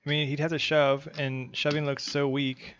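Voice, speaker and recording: A man's voice: a little high, level tone, normal speed. Joking man commentating a poker stream. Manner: joking, chatty banter. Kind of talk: casual live commentary. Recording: dull lo-fi stream audio, faint noise.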